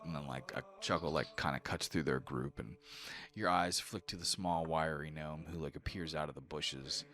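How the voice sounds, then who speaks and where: Deep-voiced man running a tabletop game. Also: fairly even intonation, normal speed, fairly bright tone, soft background music. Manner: casual, filler-heavy narration. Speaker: game master.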